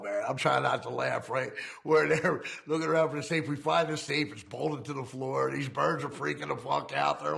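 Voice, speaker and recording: A man with a deeply gravelly, fry-heavy voice recounts his past crimes in a loose, rambling way. He swears constantly and laughs at his own memories as the story spills out. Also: fairly bright tone. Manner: profane, rambling, laughing often. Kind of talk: casual storytelling.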